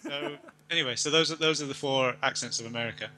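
A man's voice: medium pitch, racing, pushed and bright, a little hiss or hum, rough recording. An Englishman co-hosting a podcast, chatting casually in a rambling, joking way. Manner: rambling, jokey, puts on silly accents. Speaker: podcast co-host. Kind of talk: casual chat.

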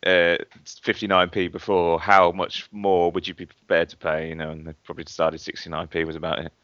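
A British man co-hosting a casual tech podcast, talking haltingly with restarts and dry teasing. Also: low-pitched, flat delivery, a bit bright, highs cut off. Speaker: podcast co-host. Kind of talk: casual chat.

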